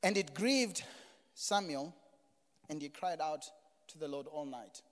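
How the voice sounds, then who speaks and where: A middle-aged man preaching a sermon as pastor, moving from quiet asides to loud exclamations. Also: on the high side, measured pace. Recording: reverberant hall.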